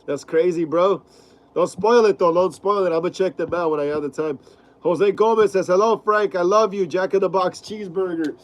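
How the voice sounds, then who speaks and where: A man's voice: high-pitched, fairly quick, low-quality recording. A man hosting a horror film live stream, sick with a clogged nose that makes him sound stuffy and nasal. He reads out viewer comments in a laid-back, slangy way, repeating his phrases and calling viewers "bro.".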